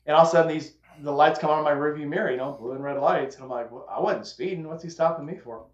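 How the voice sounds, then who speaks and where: A man's voice: fairly high pitch, fast. A man hosting a casual chat, telling a long story and acting out the quotes with a drawl. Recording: echoey room, dull lo-fi sound.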